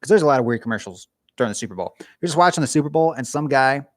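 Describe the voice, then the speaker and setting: A man's voice: medium pitch, expressive, racing, no room sound. Rambling, jokey male livestreamer in a dry garage. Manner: rambling, jokey, self-mocking. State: cold. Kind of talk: casual livestream chat. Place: home garage.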